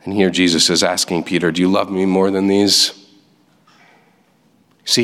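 A man preaching in a church, his voice ringing with a long hall reverb. He reads scripture aloud and then explains it, stressing key words as he goes. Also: on the low side. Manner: preaching with lively emphasis, reading scripture aloud. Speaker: pastor. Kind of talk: sermon. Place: church sanctuary.

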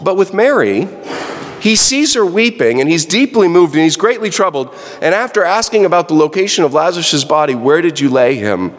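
A man's voice: high-pitched, big pitch swings, a little fast. A man preaching a sermon as a pastor, talking in a conversational way and correcting himself as he goes. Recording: long reverb.

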